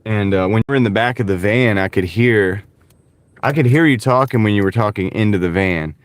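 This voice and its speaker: A man's voice: on the low side, brisk, no room sound. Rambling Southern man chatting from his van. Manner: rambling, says "like" and "dude" often. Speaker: delivery driver streaming. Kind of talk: casual livestream chat while driving. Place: inside a van. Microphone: wireless clip-on mic.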